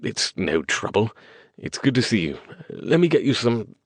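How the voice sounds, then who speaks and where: An old manservant, loyal and formal, speaks with a low, weighty voice and unfailing deference, as a male narrator puts him on. The recording is close and dry, with no room around it. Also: big pitch swings, normal speed, no room sound. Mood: concerned. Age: older. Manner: deferential, says sir.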